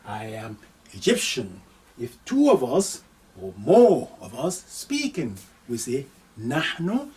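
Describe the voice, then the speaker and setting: A man teaching an Arabic lesson, reading phrases slowly and deliberately and repeating each one with its translation. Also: mid-range voice, huge pitch swings, a little mellow, far from the mic, rough recording. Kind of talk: live online language lesson.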